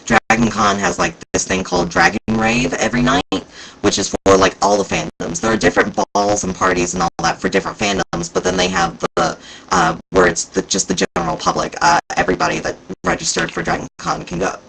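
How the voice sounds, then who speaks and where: Excitable guy rambling about his weekend, really gravelly fry, bright voice, lots of ums and likes. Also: high voice, brisk, a little hiss or hum, rough recording. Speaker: convention-goer vlogger. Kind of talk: casual chat recounting events.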